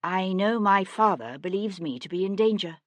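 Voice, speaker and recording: A woman narrator voicing a composed, earnest young gentlewoman in an audiobook, speaking in a measured, pleading way. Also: medium pitch, animated, no room sound, pitched above the performer's own voice, close to an everyday voice.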